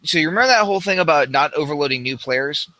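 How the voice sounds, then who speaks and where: A man's voice: on the high side, lively intonation, quick pace, pushed and bright, no echo, rough recording. A man co-hosting a casual tabletop gaming podcast, telling game-table stories and mimicking players in raised voices. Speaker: podcast co-host and game master.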